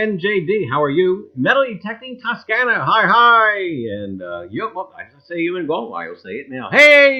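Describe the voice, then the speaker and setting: A man's voice: on the high side, muffled recording. A man hosting a casual livestream about coins and treasure, rambling and joking as he greets viewers one by one. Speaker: livestream host.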